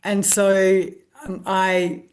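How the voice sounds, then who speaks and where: An Australian woman being interviewed, telling a lively anecdote and acting out the voices of people she quotes. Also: medium pitch, extremely slow. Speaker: guest, stress researcher. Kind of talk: storytelling interview.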